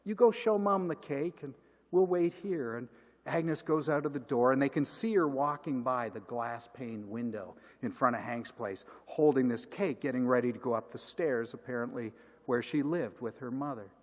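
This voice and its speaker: A man's voice: mid-range voice, moderate pace. A man in a large church, a senior pastor telling a story in his sermon and acting out each character. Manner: animated, acts out every character. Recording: long church reverb.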